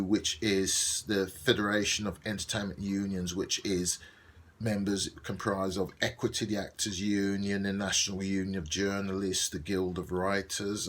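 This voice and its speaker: Middle-aged man, Birmingham accent, low pitch; casual video diary, rambling, filler-heavy. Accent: Brummie. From Birmingham, England. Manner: rambling, filler-heavy, many ums and restarts. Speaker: actor and video diarist.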